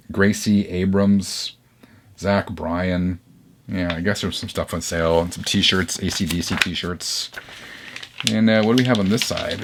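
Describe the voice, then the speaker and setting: Deep-voiced chatty male vinyl vlogger. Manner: chatty, animated, reacts with surprise. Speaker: vinyl channel host. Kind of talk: casual vlog chat. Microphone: camera mic, leans toward camera.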